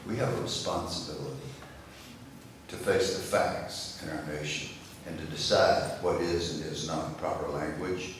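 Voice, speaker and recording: A man's voice: a bass voice, steady tone, moderate pace. An older man giving a storytelling speech to a breakfast gathering, folksy, acting out the voices in his tales. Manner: folksy, acts out dialogue in stories. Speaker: guest speaker. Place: chapel hall. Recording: echoey room from far off with faint noise.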